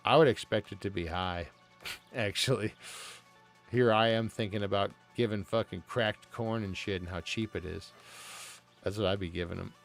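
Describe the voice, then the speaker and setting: A man's voice: fairly low pitch, moderate pace, gravelly. A man streaming live, chatting casually in a rambling, profane, joking way over faint music.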